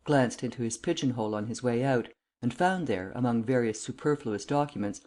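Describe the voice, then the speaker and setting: Mellow-voiced male audiobook narrator. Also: mid-range voice. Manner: measured, unhurried storytelling. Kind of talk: scripted narration.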